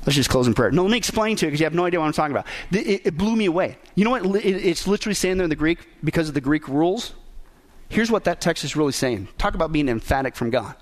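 A man's voice: sits high, animated, fast. A man preaching a sermon as pastor, emphatic, asking the congregation rhetorical questions.

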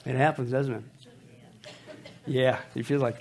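A man's voice: medium pitch, fairly even intonation, unhurried, darkish tone, slight background noise. A man preaching a humorous sermon, joking with his audience and calling them folks.

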